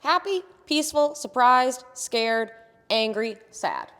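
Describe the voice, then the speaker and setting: A woman's voice: on the high side, expressive, slow, in a large hall, crowd noise. A woman health coach talking earnestly and passionately, explaining things step by step as a podcast guest. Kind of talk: casual interview chat.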